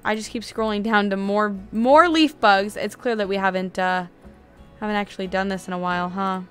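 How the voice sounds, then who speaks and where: A young adult woman giving casual, chatty gameplay commentary, excitable and quick to get frustrated. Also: mid-range voice, faint music behind. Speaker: video game streamer.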